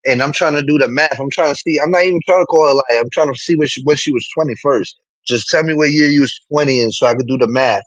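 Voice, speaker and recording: Husky ny guy going off to his stream chat, kinda high voice, cussing a lot, dry sound. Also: fast, no room sound, poor audio. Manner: animated, rambling, swears often. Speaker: live streamer. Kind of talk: casual chat to a live stream audience.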